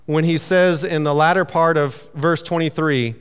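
A man's voice: a little high, steady tone, moderate pace, smooth, long reverb tail. Man preaching with a conversational tone. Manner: conversational, self-teasing, with stammered restarts. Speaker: pastor. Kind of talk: sermon.

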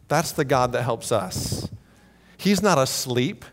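A man's voice: mid-range voice, animated, slow, long reverb tail. A man preaching a sermon, working through scripture verses and building to emphatic points. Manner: preaching with rising, emphatic retellings. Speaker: pastor.

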